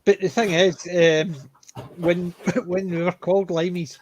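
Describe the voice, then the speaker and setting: A man's voice: sits high, flat delivery, a little slow, slight background noise. A Scottish man chatting casually on a panel, explaining things at length. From Scotland.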